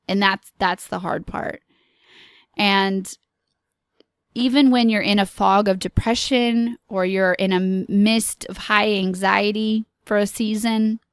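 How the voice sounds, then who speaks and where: A woman hosting a podcast, giving an earnest, encouraging motivational talk in slow, deliberate phrases. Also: medium pitch, gravelly, no room sound, clean studio sound. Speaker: podcast host.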